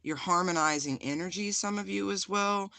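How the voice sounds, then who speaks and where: Tarot reader doing a chill card reading, bright punchy voice, dry close sound, lots of ums, calls you honey. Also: medium pitch, moderate pace, creaky, no room sound. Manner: chatty and direct, many fillers, addresses viewers as honey; holding and showing a stone on camera. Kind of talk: casual spiritual card reading to viewers.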